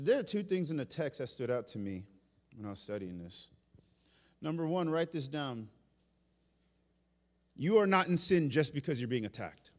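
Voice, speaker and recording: A male pastor, preaching an animated, storytelling sermon in a church. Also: a little high, moderate pace, long pauses. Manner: animated, storytelling, self-aware asides. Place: church sanctuary.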